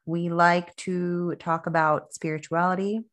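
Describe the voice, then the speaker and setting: A woman in her thirties with a fairly low speaking voice co-hosts a laid-back spiritual podcast. She rambles chattily, restarting sentences and laughing often. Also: level tone, measured pace, a bit bright. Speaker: podcast co-host. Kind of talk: casual spiritual podcast chat.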